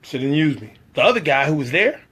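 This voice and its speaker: A man's voice: a little high, big pitch swings, fast, fairly bright tone, slightly rough. A man telling a personal story about working as a background actor, acting out the other people's lines in shifting voices.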